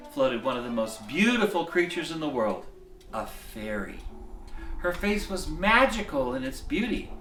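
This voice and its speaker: Man, Santa storyteller, bedtime story, gentle, folksy, lively, bright, echoey room, faint music. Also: fairly high pitch. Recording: echoey room, mic at a distance, soft music.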